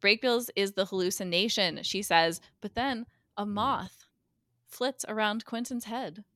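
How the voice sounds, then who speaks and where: Recorded dry with clean studio sound, a woman of medium pitch guest co-hosts a podcast and casually recaps a TV episode. She is a lively storyteller who performs the characters' lines with quick shifts of voice.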